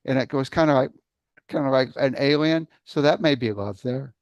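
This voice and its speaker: A man with a smooth, resonant voice, recorded dry and close. He speaks in a relaxed way, thinking aloud and working through his ideas as he goes. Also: medium pitch, moderate pace, no echo, muffled recording. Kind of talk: conversational interview.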